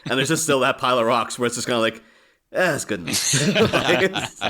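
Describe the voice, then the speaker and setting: A man of average pitch chatting casually as a podcast co-host. He rambles through his explanations and laughs as he goes. His voice comes through a remote call microphone. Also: quick pace, sharp tone.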